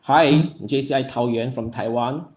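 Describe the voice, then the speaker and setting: A young man from Nepal speaks as he hosts a livestream, greeting viewers one by one by name. His delivery is casual and halting, with plenty of fillers as he reads out the chat. His voice sits at an ordinary, middle pitch. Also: darkish tone, slight background noise. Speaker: livestream host.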